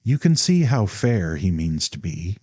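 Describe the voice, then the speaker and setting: A gentle middle-aged mother who falters and stammers, nervous and pleading, her voice lifted a little above the reader's own deep, mellow tone, as a man reads her part. She keeps circling back and restarting her thoughts. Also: sing-song, unhurried, no room sound, full character voice. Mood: timid pleading.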